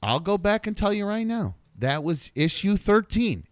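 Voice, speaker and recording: A man hosting a casual podcast, chatting and joking, sometimes cooing softly over his dog or playing up a mock game-show voice. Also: high-pitched, big pitch swings, moderate pace, few pauses, no echo. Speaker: podcast host. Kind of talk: casual chat.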